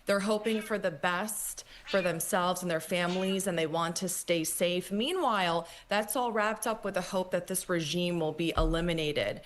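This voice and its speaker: A woman gives her view in an interview with earnest, measured speech. Her voice sits a little low. Faint noise runs under the recording. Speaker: commentator. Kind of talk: interview commentary.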